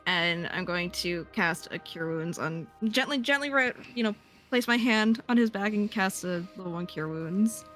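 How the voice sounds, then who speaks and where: Unhurried woman thinking aloud at the table. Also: medium pitch, fairly bright tone. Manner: thinking aloud while counting dice. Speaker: player. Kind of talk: casual tabletop game play.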